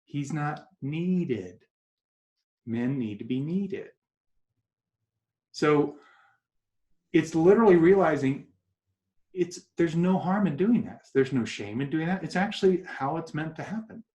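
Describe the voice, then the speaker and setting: A man giving advice as a guest in an interview, animated and acting out quoted voices as he tells stories. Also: a little high, measured pace, pauses often. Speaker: guest coach. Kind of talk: casual interview talk. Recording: echoey room.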